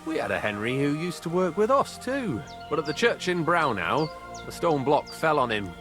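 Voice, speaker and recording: An actor playing a blunt medieval stoneworker in a video game, talking in a darkly amused way. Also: male voice, fairly high pitch, sing-song, moderate pace, music in the background. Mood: wry.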